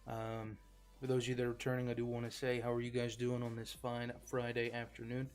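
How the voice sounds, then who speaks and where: A laid-back man chats to his viewers while streaming a game, wandering from point to point with plenty of ums and you-knows. His voice is smooth and clear at an ordinary middle pitch. A quiet music bed plays under his desk-mic talk. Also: completely flat delivery, brisk. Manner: rambling, filler-heavy, laid-back. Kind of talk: casual live-stream chat. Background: faint background music.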